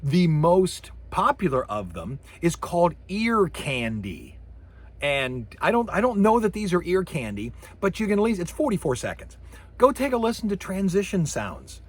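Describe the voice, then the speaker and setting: A man giving a recorded university lecture, animated, acting out sound effects with his voice. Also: high-pitched, moderate pace, slightly rough.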